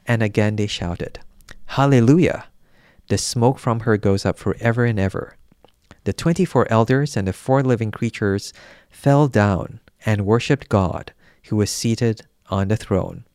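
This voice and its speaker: A man reading scripture aloud in a measured, solemn, unhurried way. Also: fairly low pitch, a little mellow, no room sound, studio quality. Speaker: scripture reader.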